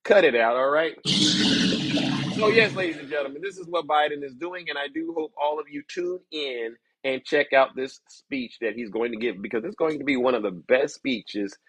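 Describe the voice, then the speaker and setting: Husky and brisk, with few pauses, a medium-pitched man rants on his political commentary show. He mocks and performs like a theatrical showman, addressing his viewers again and again as "ladies and gentlemen."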